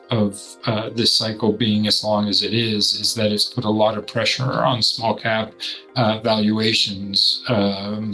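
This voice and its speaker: Portfolio manager guy, lowish voice, pretty monotone, calm explainer with light music behind. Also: rough recording. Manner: measured, explanatory. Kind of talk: investment commentary to camera.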